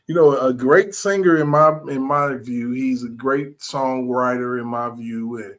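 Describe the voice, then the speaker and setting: A man hosting a podcast, telling stories in a loose, animated way, acting out quotes and swearing freely. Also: mid-range voice, unhurried, few pauses. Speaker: podcast host. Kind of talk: casual chat.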